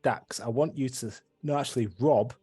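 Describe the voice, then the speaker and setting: Husky man running a tabletop game. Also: medium pitch, normal speed, dark tone, dry recording, faint music behind. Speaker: game master.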